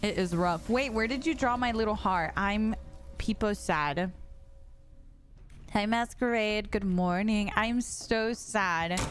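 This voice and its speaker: A young woman chats casually while streaming a game. Her voice sits at a middle pitch, and her delivery is slow and playful, full of teasing. Clear background music plays underneath her. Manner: playful and teasing, laughs often. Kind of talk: casual gameplay chat.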